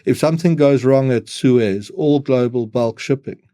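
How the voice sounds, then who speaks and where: A man as a podcast guest, talking in measured phrases and often repeating words as he starts them. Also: mid-range voice, mellow, no echo, clean studio sound. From South Africa. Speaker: guest analyst. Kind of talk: podcast interview.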